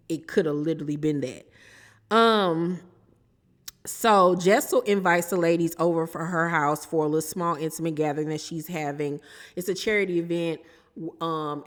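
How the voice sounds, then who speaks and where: A sassy, animated woman with recaps reality TV in casual commentary and laughs often. Her voice sits fairly low, and a long reverb trails behind her words.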